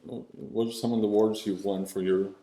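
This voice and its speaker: A man's voice: lowish voice, level tone, normal speed, warm tone. A man hosting an interview, asking easygoing follow-up questions. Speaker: interview host. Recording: roomy echo.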